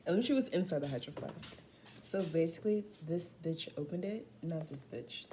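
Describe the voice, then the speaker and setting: A woman's voice: lowish voice, a little fast, a little hiss or hum. An eighteen-year-old woman chatting casually to camera in a vlog, telling stories with a lot of slang and swearing. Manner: profane, animated storytelling with slangy asides. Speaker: vlogger.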